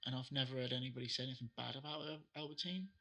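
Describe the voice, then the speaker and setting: A middle-aged man, a soccer trainer and interview guest, telling animated stories and acting out what people said. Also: mid-range voice, racing. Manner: animated anecdotes, acts out quotes. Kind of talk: casual interview storytelling.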